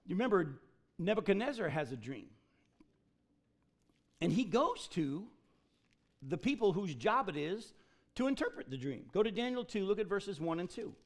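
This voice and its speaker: A middle-aged man preaching a sermon in a folksy, joking manner, reading scripture aloud and adding casual asides. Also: high voice. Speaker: pastor.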